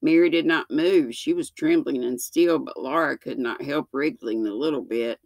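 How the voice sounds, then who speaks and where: A woman in her sixties reads a children's book aloud in a low, slow, gentle voice, catching and correcting small slips as she goes. She's a storyteller, and the recording has no room sound.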